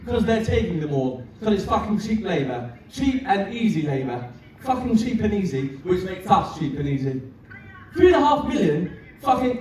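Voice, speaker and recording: A furious jobless working-class man rants and curses, as a man acts him out, his voice a little higher than usual. The lines bark with scornful laughter, caught from a distance in a very echoey room. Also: darkish tone. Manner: ranting, swearing, bitter laughs.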